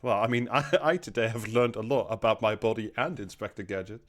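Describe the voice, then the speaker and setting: A man's voice: fairly low pitch, a little fast. A man co-hosting a podcast, firing off crude, mock-aggressive quips in casual chat. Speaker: podcast co-host.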